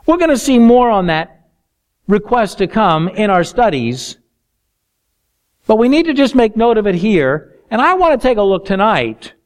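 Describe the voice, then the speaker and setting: Male preacher, Bible study sermon, high voice, unhurried, expressive. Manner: expressive, acts out scripture quotes.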